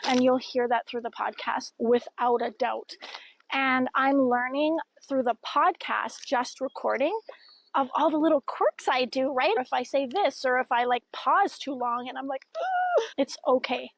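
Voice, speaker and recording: A middle-aged woman chats to camera in an upbeat, encouraging way, her voice sitting a little high with a gravelly fry running through it. She talks casually, like a cheerleader for her viewers. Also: measured pace, rough recording. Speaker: vlogger and podcaster. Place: outdoors by a river.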